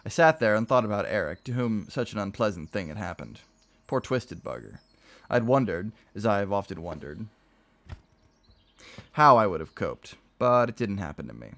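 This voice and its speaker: A man reading a novel aloud on a stream, with expressive storytelling delivery. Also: fairly low pitch, moderate pace, creaky.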